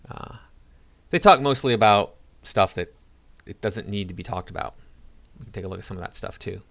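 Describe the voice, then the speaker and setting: A man's voice: lowish voice, brisk, creaky, fairly bright tone. A man giving casual reaction commentary to his viewers, rambling with many fillers and restarts. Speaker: video commentator.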